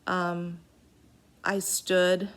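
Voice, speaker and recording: Halting, earnest woman telling a story. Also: fairly low pitch, monotone, fairly bright tone, clean tone. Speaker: storyteller recounting a personal event. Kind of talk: unscripted personal narrative.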